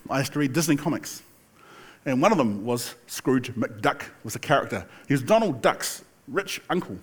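An older man preaching a sermon in a relaxed, chatty storytelling way, with asides and the occasional laugh. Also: mid-range voice, breathy edge. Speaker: pastor.

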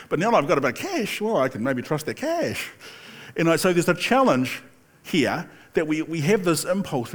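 An older man preaching a sermon in a relaxed, chatty storytelling way, with asides and the occasional laugh. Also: fairly high pitch. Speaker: pastor.

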